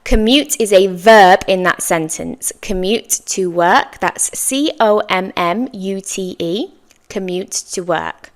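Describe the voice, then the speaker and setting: A woman teaching an English lesson, saying example sentences slowly and clearly for learners to repeat, with encouraging praise. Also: mid-range voice. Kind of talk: slow, clear language lesson with repeat-after-me drills.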